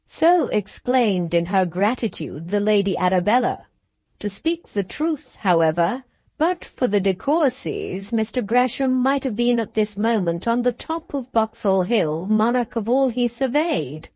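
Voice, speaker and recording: A woman narrating a classic novel as an audiobook, in measured, even storytelling. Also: medium pitch, no echo.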